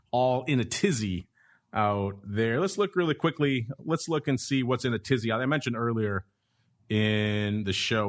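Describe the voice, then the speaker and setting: Podcast host: man, lower pitch, chatty, wry asides. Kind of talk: casual market talk.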